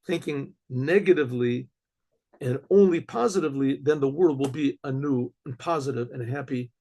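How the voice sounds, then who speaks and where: Husky, gravelly-voiced storytelling rabbi. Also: male voice, medium pitch, moderate pace, mellow. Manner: conversational, with many restarts.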